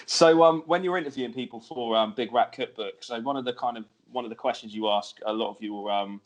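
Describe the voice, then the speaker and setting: A man's voice: medium pitch, normal speed. Male podcast host, casual chat, easygoing delivery with plenty of swearing. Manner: laid-back, swears freely.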